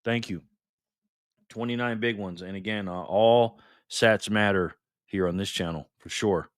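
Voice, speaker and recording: A man's voice: on the low side, a little slow, no echo, clean studio sound. A man hosting a casual live stream, upbeat and chatty as he reads out viewer names and thanks them one by one.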